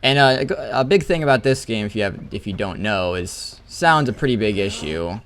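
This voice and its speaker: A man's voice: lowish voice, animated, brisk, a bit bright, slight background noise. A man hosting a let's play, chatting casually and correcting himself as he plays. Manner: rambling and self-correcting. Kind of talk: casual game commentary.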